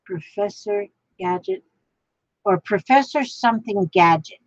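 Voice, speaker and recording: A woman's voice: medium pitch, unhurried, no echo, muffled recording. A woman vlogging while she crafts, thinking aloud in a rambling way, trying out names and chatting to the piece she is making.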